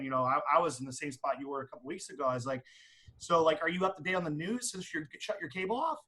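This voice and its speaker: Fast, high-voiced animated salesman. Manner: quick, animated, many restarts. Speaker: insurance salesman. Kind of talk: casual panel chat.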